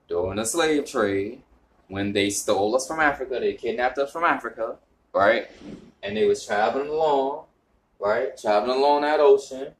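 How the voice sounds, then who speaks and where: A young man with a New York accent talking casually to camera, rambling with lots of fillers and rising in pitch and volume when he gets into explaining. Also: slight background noise. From northern United States. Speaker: vlogger.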